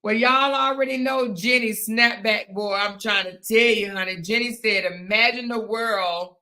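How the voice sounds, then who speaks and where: Her voice sits on the high side, bright and pushed, with fairly even intonation at a moderate pace. She's a livestream host in her fifties, laughing through hiccups as she reads comments aloud and calls her audience honey and girl in a drawling Southern-Black style.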